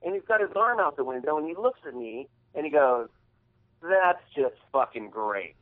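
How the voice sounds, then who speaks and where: A man's voice: on the high side, sing-song, fast. Male podcast co-host, casual profane storyteller, tinny phone-quality audio.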